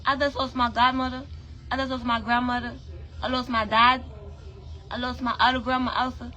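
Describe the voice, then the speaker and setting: A woman's voice: a little high, level tone, normal speed, pushed and bright, muffled recording. A woman from Brooklyn, New York, with a Trinidadian-influenced accent, ranting bluntly and profanely to camera in a vlog, full of emphatic rhetorical questions. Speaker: vlogger. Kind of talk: impassioned direct-to-camera rant.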